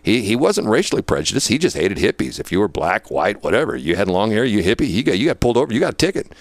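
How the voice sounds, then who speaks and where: A man's voice: lowish voice, big pitch swings, fast talker, no room sound. A man and former police dispatcher telling old work stories in a rambling, casual way, full of fillers and laughter. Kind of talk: casual storytelling.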